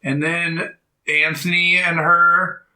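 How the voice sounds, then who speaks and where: A young man co-hosting a podcast, casually recapping a movie's plot and acting out the characters' lines in loud, high voices. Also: slow pace. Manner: animated storytelling, jumps into loud high voices for quotes. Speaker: podcast co-host. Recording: echoey room.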